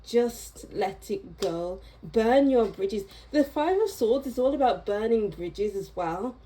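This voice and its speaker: A woman speaks to her viewers in an unscripted tarot reading, unhurried and reflective. Her voice is mellow and warm rather than bright. She talks at a slow, easy pace and encourages them gently, often stopping to rephrase. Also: fairly high pitch, animated, a little hiss or hum, poor audio. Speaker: tarot reader.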